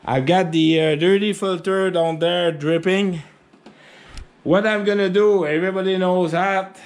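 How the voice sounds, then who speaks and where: In a chatty, rambling how-to vlog, a man with a French accent shows how he maintains his tractor, joking at his own expense. He speaks at a measured pace in a high-pitched, steady voice.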